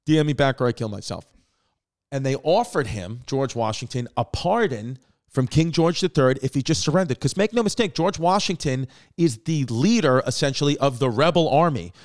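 A man with a New York accent tells history as a comedy routine, in a voice of ordinary middle pitch. He rambles, swears freely, and keeps breaking off into jokey asides. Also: normal speed, no room sound, studio quality. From Staten Island, New York. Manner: profane, rambling, animated riffing with asides. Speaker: comedian host telling history.

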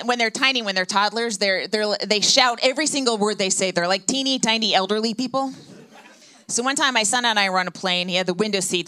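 A woman in her forties doing a stand-up set on a club stage, delivering dry, deadpan punchlines into a handheld mic. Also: mid-range voice. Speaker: stand-up comedian.

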